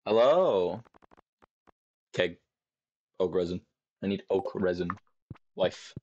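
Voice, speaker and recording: Deep, monotone, and a little slow and mellow, this young man's voice sounds dull in the recording. He's playing a farming game on stream with a desk mic and webcam, swearing heavily and rambling to himself.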